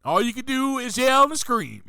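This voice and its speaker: A man with a high, lively voice delivers a motivational podcast monologue. He speaks slowly and emphatically, driving his points home through repetition. The sound is bright and dry, with no room around it. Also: creaky, clean tone, no echo. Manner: emphatic, repeats key phrases, preacher-like. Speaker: podcast host.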